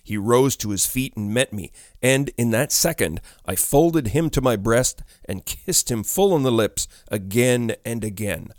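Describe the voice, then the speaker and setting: A man narrating a classic ghost story audiobook in a measured, expressive way. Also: medium pitch, dry recording, studio quality.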